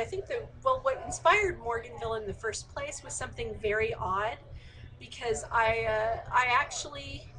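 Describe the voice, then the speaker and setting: A woman's voice: on the high side, bright, forceful tone, a little hiss or hum, rough recording. A woman author in a casual online Q&A, reading out audience questions and answering them chattily with plenty of fillers. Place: indoors, remote live stream.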